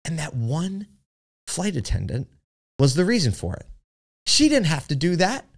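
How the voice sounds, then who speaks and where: A man's voice: on the high side, huge pitch swings, normal speed, vocal fry. A man hosting a podcast, telling a story in a chatty way with many fillers and asides. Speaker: podcast host. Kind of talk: casual storytelling monologue.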